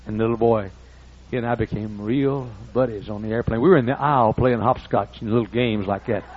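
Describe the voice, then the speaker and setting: A man's voice: fairly low pitch, fairly quick, slight background noise. An older man preaching a folksy storytelling sermon. He acts out the dialogue in raised voices. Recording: muffled lo-fi recording.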